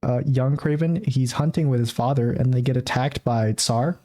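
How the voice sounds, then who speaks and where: A man's voice: medium pitch, normal speed, warm tone. A man co-hosting a casual movie review podcast, telling the story in a rambling way with lots of fillers. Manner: rambling, filler-heavy storytelling with frequent laughs. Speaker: podcast co-host.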